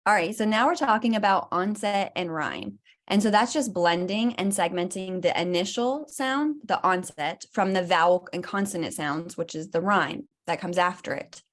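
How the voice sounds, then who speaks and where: A woman presenting at a conference, explaining teaching terms in a clear, steady way. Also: on the low side, moderate pace, hardly any pauses. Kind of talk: presentation talk.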